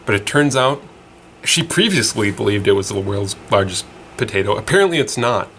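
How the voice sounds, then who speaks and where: A man's voice: lowish voice, expressive, fairly quick, fairly bright tone, slight background noise. A man hosting a casual weird-news show, chatty and rambling with lots of fillers and restarts. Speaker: host.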